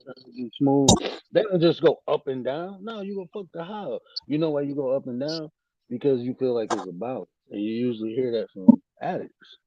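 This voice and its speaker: Animated man on muffled lo-fi call audio. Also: a little fast. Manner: animated storytelling, swearing, pitch jumps when quoting. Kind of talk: casual chat.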